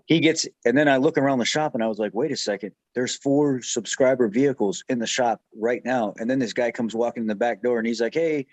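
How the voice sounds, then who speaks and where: A man's voice: medium pitch, a little fast, hardly any pauses, no room sound. A man hosting a casual truck talk show, telling stories in an easygoing way. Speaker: host of a truck repair channel.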